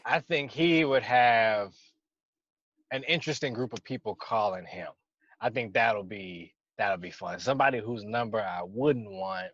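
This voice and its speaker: A man's voice: fairly low pitch, a little slow, fairly bright tone, no echo. A man co-hosting a podcast in laid-back, casual chat, laughing often. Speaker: podcast co-host. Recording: dry, dull lo-fi sound.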